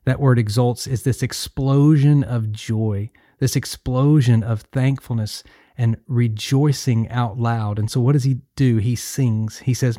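Dark-voiced man giving a devotional. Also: mid-range voice, steady tone, measured pace, no room sound, clean studio sound. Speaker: pastor. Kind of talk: podcast devotional.

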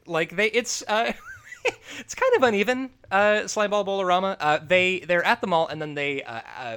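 A man hosting a casual movie review chat, talking in an animated, profane way and laughing often. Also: fairly high pitch. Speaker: podcast host.

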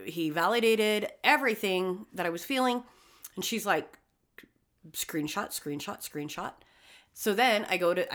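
Profane, animated woman telling a story. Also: mid-range voice. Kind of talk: casual storytelling chat.

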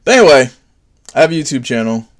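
His sing-song voice moves fast as he runs a sarcastic stand-up style monologue. For each bit, this man swings into a high, mocking put-on voice.

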